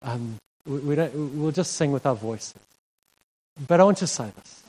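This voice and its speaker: Male pastor, fairly high voice, conversational sermon delivery with frequent laughs. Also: expressive, a little slow, darkish tone. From South Africa. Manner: earnest, conversational, laughs often, voice rises when stressing a point. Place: church hall.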